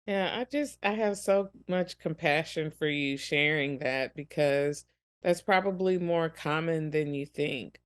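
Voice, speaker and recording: A woman's voice: low-pitched, unhurried. A woman co-hosting a ministry podcast, speaking earnestly and compassionately about helping children through hard times. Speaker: podcast co-host. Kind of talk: reflective ministry podcast talk.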